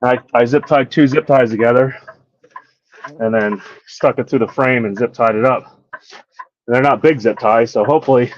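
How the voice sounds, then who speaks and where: A man's voice: mid-range voice, normal speed, no room sound, highs cut off. A man who drives trucks, chatting in a laid-back way with casual swearing, heard over a phone or speaker line. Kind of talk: casual chat.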